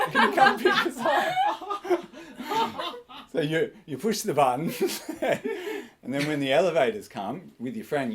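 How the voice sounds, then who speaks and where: A man doing a stand-up comedy set, awkward and self-mocking, who keeps laughing at his own jokes. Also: medium pitch. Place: small comedy club.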